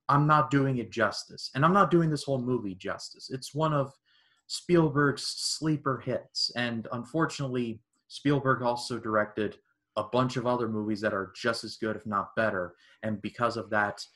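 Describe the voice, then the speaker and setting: A man's voice: mid-range voice, a bit bright. A man, a podcast host, chatting casually about a film and retelling scenes with little quoted voices. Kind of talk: casual movie discussion.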